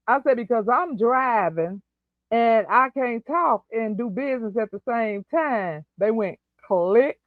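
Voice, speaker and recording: A woman's voice: fairly high pitch, expressive, takes it slowly, no echo. A woman calling in to a live stream, chatting casually and telling a story in a friendly, talkative way. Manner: chatty, addresses the host as "girl". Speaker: call-in guest on a live stream. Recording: tinny phone line.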